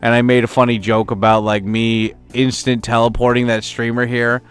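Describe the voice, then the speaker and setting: A man's voice: mid-range voice, level tone, normal speed, smooth. A young man, a game streamer, chatting crudely and rambling with his chat while playing. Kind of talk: casual livestream gaming commentary.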